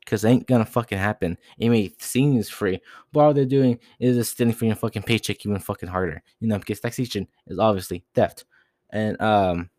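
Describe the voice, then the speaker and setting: A young man rants on his own podcast, swearing constantly and rambling from one grievance to the next. His voice sits fairly low and the sound is dry and close, with no room around it. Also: a little fast, a little mellow, no room sound. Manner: profane, agitated, rambling with frequent "dude". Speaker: podcast host. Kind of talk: solo rant.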